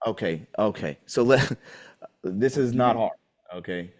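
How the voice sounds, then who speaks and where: A man's voice: fairly low pitch, measured pace. A man questioning an officer in a deposition, pointed and pressing, repeating his questions.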